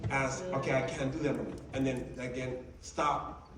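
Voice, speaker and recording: A man giving a motivational training talk to his team, telling lively stories and acting out the dialogue. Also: medium pitch, fast talker, a crowd in the background. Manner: animated storyteller, acting out dialogue. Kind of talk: motivational speech. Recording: roomy, distant sound with faint ambience.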